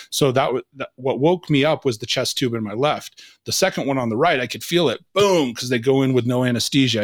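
A man's voice: medium pitch, dry recording, studio quality. Man dramatically retelling a personal story. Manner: vivid retelling with quoted dialogue. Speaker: podcast guest, leadership coach.

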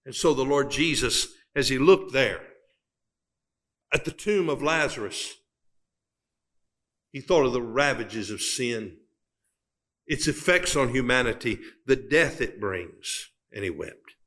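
A man preaches a sermon in a bright, forceful voice, pitched about the middle for a man. He leans on long dramatic pauses and builds to emphatic climaxes. He reads scripture in old-fashioned wording. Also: lively intonation.

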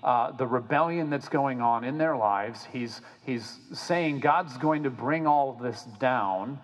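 A male pastor preaching in a lively, casual way, often stumbling over repeated words as he restarts a phrase. His voice sits at an ordinary middle pitch, and a long reverb trails after each phrase in the big room. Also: a little slow. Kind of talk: sermon.

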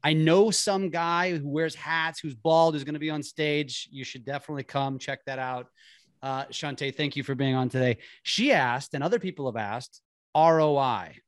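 A man hosting an interview, energetic, often restarting his sentences. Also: on the high side, normal speed, dry recording, studio quality. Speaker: host. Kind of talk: casual interview chat.

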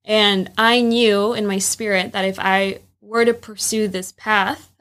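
A woman's voice: mid-range voice, steady tone, a little slow, a bit bright. Reflective woman telling a faith story. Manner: reflective, laughing now and then. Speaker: wife telling their story. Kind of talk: casual faith testimony.

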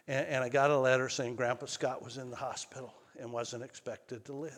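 A male pastor telling a personal story in a sermon, swinging between loud calls and hushed lines. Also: medium pitch, little pitch movement, a little fast, in a large hall. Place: church sanctuary.

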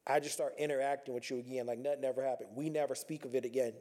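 Earnest man with a mellow voice. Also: medium pitch, fairly even intonation, very fast. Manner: earnest, conversational, repeats and restarts phrases. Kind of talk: reflective personal monologue.

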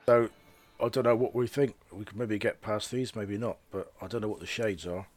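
A man's voice: on the low side, steady tone, normal speed, darkish tone. A man playing a tabletop game, speaking in character in a wry, matter-of-fact way. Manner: wry, matter-of-fact, talks back plainly. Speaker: player. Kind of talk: casual in-character play.

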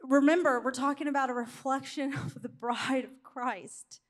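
A middle-aged woman preaching a sermon, telling a candid personal story in an animated way. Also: high-pitched, moderate pace.

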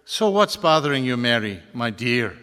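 A man voicing a kindly old Irish parish priest in a deliberately phony Irish accent. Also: medium pitch, sing-song, bright, forceful tone, smooth. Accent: put-on Irish. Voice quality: exaggerated phony brogue. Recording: long hall reverb.

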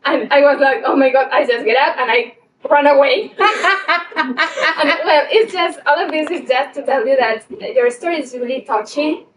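High-voiced fan, halting English. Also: female voice. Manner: emotional, halting non-native English. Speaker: fan asking a question. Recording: distant mic with faint background noise.

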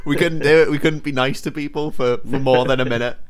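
A man's voice: mid-range voice, steady tone. Laughing man bantering on a podcast. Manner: laughs easily, quick banter. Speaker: podcast co-host. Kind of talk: casual drunken film podcast chat. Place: usual podcast recording room.

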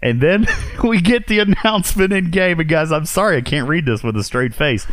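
A man hosting a podcast, chatting casually and excitedly about a mobile game, laughing often and restarting sentences. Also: fairly high pitch, normal speed, no echo. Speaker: podcast host.

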